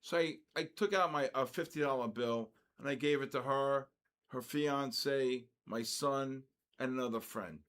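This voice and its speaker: An older man hosting a livestream, chatting casually with viewers and reacting with animated, jokingly outraged exclamations. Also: mid-range voice, a little slow. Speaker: livestream trading host. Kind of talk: casual chat reading viewer comments.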